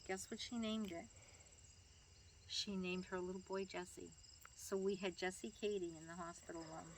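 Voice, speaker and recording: A woman's voice: fairly low pitch, steady tone, normal speed, slight background noise. Older grandmother telling family stories. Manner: chatty, laughing, acts out quoted voices. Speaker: grandmother being interviewed. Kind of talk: family storytelling interview.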